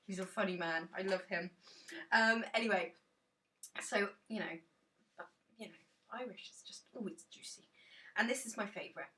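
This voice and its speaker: Bright-voiced gushing woman. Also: medium pitch, a little slow, long pauses, far from the mic. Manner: enthusiastic, gushing, chatty. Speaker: tarot deck reviewer. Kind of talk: rambling casual chat. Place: dim room indoors.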